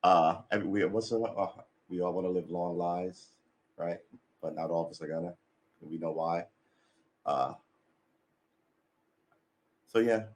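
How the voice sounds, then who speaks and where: Fiddling with his desk mic, a man rambles casually on his morning livestream, tired and a bit irritable, sighing and restarting a lot. His voice sits low and sounds a little mellow, unhurried, with long pauses.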